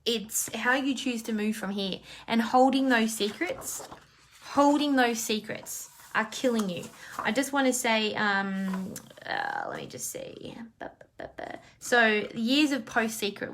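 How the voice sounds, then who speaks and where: A woman's voice: mid-range voice, fairly bright tone, slight background noise. Woman, coach, live talk, heartfelt, rambling, filler-heavy. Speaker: life coach. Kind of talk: emotional live talk to followers.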